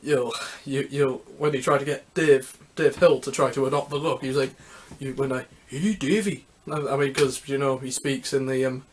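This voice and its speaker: A man hosting a music history video, talking casually and unscripted, rambling and halting with many restarts. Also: mid-range voice, little pitch movement.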